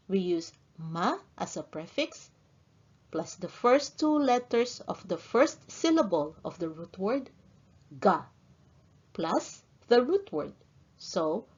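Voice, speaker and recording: Woman teacher reading a lesson real slow, word by word, kinda dull lo-fi sound. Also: mid-range voice, sing-song, darkish tone, breathy edge. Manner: slow, deliberate, reads each word pair in turn. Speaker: language teacher. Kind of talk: scripted lesson narration.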